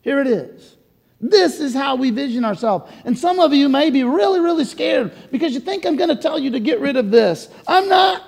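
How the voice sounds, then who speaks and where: A man preaching a sermon in a church, emphatic, swinging from loud to hushed. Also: very high voice, lively intonation, normal speed, gravelly, in a large hall. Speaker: pastor. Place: church sanctuary.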